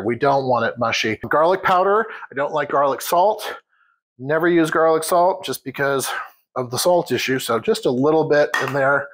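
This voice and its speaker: A man's voice: medium pitch, fairly bright tone, rough recording. A man hosting a home cooking demonstration in a kitchen, chatting casually and addressing viewers as guys.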